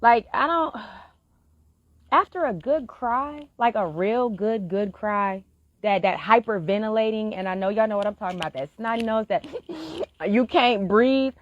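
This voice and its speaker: In a live-stream monologue, a woman speaks frankly and earnestly, swearing freely as she urges listeners on with heartfelt encouragement. Her voice is mid-range and a little slow, and the sound is dull, dry lo-fi.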